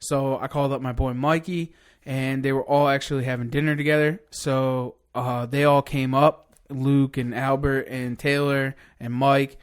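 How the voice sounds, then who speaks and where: Excited man telling a hunting story. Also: mid-range voice, normal speed, clear, resonant tone. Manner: excited, swears a lot, rambling hunting story. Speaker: podcast guest. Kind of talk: casual storytelling.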